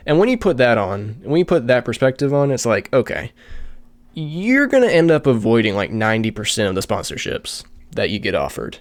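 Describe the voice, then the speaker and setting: A man's voice: medium pitch, huge pitch swings, fairly quick. A man hosting a casual solo podcast, tired and out of breath, rambling with many fillers and restarts. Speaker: podcast host.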